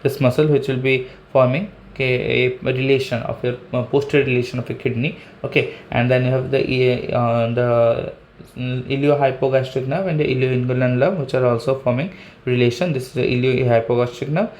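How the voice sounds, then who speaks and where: A man's voice: mid-range voice, steady tone, moderate pace, a little mellow. A man with an Indian English accent giving an online anatomy lecture, explaining step by step, saying "okay" often and pointing at a diagram. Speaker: anatomy teacher.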